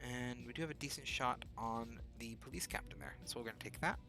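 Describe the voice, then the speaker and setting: A man's voice: medium pitch, fairly quick, sharp tone, soft background music. A man streaming a video game late at night, casually thinking aloud about his moves. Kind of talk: casual gameplay commentary.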